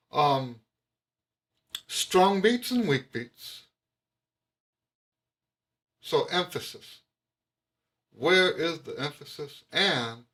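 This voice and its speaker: Slow, emphatic trumpet teacher, a man. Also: on the high side, a bit bright. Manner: emphatic, repeats key points, frequent restarts. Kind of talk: explaining music to camera.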